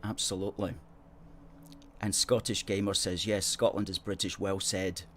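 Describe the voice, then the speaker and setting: A man's voice: sits low, flat delivery, moderate pace, fairly bright tone, a little hiss or hum. A middle-aged man hosting a live stream, chatting casually and playfully as he reads out viewer comments. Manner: playful, chatty, self-mocking. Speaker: host.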